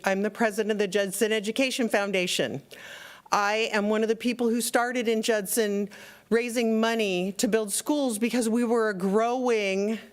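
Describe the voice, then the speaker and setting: A woman giving an angry, impassioned public comment at a school board meeting, upset and shaking as she scolds the trustees. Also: mid-range voice. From outside Texas. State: shaking with anger.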